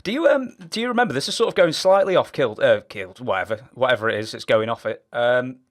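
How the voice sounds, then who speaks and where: A man's voice: medium pitch, lively intonation, fast talker. A man interviewing a guest, asking loose, rambling questions full of fillers and laughing along. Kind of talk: casual interview.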